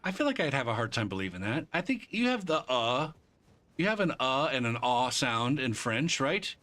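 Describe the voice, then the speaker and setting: A man's voice: medium pitch, sing-song, moderate pace, fairly bright tone. A male streamer chatting casually with his viewers while playing, arguing and swearing freely. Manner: argumentative, bantering with chat. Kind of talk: casual live-stream chat while gaming.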